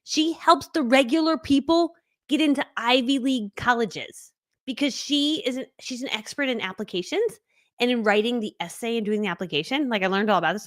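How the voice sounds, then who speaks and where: Quick-talking excitable woman coach. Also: a little high, no echo, studio quality. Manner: chatty, excitable, rambling with many asides. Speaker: business coach. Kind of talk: casual live training chat.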